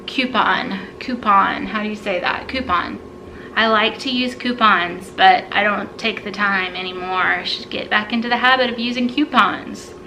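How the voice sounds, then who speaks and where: A woman's voice: medium pitch, normal speed, noisy background. A woman in her thirties from South Carolina with a Southern US accent, chatting through an accent tag video and repeating words aloud. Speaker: vlogger. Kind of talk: casual accent tag vlog.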